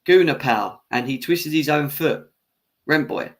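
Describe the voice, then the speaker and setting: Speaking at a measured pace in a voice on the high side, a young football fan host rants through a live match reaction. He argues heatedly with viewers in the chat, swearing freely, and laughs off his own bias.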